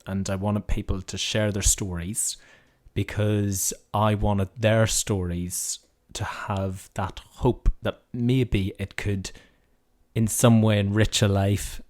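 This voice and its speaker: A man hosting an interview podcast speaks in a low voice. He is earnest and measured, mostly listening with short murmurs before offering his own thoughts at length. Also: little pitch movement, darkish tone. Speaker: podcast host. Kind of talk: conversational interview.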